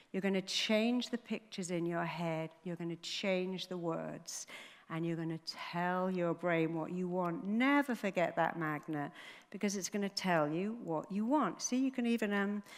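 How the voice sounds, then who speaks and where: Brief: woman, mid-pitched, emphatic storytelling speaker, in a big reverberant hall. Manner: animated storyteller, emphatic, acts out dialogue. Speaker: therapist and speaker. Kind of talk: motivational stage talk.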